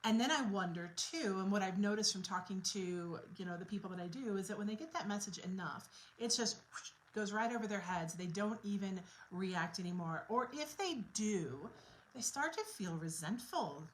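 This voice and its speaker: A woman's voice: mid-range voice, lively intonation, normal speed, slight background noise, low-quality recording. Reflective woman coach talking to camera. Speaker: quit-smoking coach. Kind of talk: casual talk to camera.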